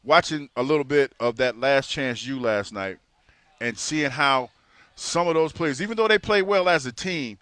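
Male co-host, easygoing and rambling, mid pitch, dry close sound. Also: moderate pace, a bit bright, no room sound. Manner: laid-back, chatty, repeats himself. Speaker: sports radio co-host. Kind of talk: casual sports talk.

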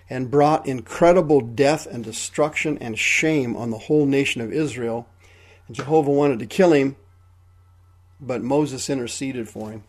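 A male radio preacher with a mellow, darkish tone sitting somewhat high in his range. He retells Bible stories in everyday, folksy language and keeps asking the listeners pointed rhetorical questions. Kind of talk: radio sermon.

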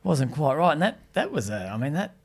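A man, a podcast host, telling stories in casual chat with an animated manner, often laughing. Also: fairly high pitch, fairly quick, breathy edge.

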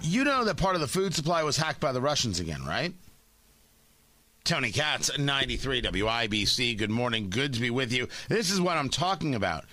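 A male talk radio host with a bright, forceful voice, mocking and sarcastic. His pitch jumps around in an animated way, and the sound is close and dry in a studio. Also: brisk, dry recording, faint music behind.

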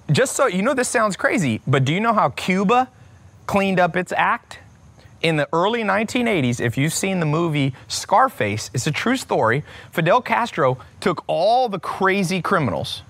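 A man in his thirties from the United States, talking in a blunt, profane, unscripted rant as a self-help speaker, with his pitch jumping up and down. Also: fairly bright tone. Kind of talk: unscripted ranting monologue.

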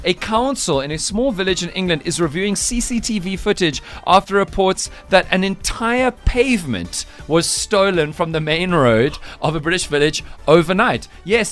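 A man's voice: high voice, fairly bright tone. A man hosting a playful radio news quiz, teasing his co-hosts and often laughing. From South Africa. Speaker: radio show host.

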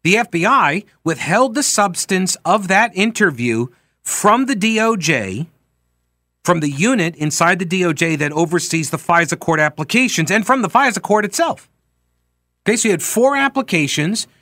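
A man's voice: high-pitched, very animated, normal speed, bright, forceful tone, no echo, clean studio sound. A man hosting a political talk radio show, speaking emphatically and conversationally, correcting himself as he goes.

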